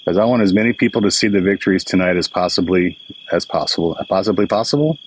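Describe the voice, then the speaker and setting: A man's voice: low-pitched, quick pace, slight background noise, low-quality recording. An older man hosting a casual live stream, greeting viewers by name in a chatty, emotional way. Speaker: livestream host. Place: indoors at home, crickets outside. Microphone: phone or webcam for a live stream. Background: crickets and insects chirping.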